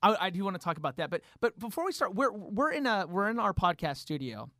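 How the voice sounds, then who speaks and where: A man hosting a podcast in a studio, chatting enthusiastically with quick asides. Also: sits high, big pitch swings, fairly bright tone, no echo. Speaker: podcast host. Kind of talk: casual interview chat.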